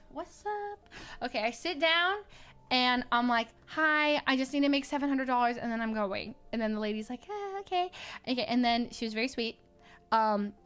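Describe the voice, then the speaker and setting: Lively woman streamer, high-ish voice, dramatic storytelling, faint music behind. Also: clear, resonant tone. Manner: animated, dramatic, laughs often. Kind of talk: casual storytelling chat.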